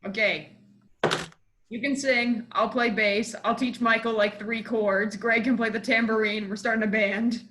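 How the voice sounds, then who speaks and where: A woman's voice: on the high side, steady tone, measured pace, a bit bright, a little hiss or hum. A woman guest on a casual podcast, chatty and full of fillers as she talks. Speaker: podcast guest and tabletop player.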